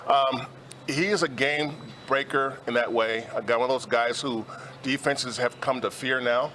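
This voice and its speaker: Laid-back guy breaking down a game, mid-pitch voice, faint hum in the background. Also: normal speed. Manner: relaxed, rambling, many fillers and restarts. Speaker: sports analyst. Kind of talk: casual sports talk.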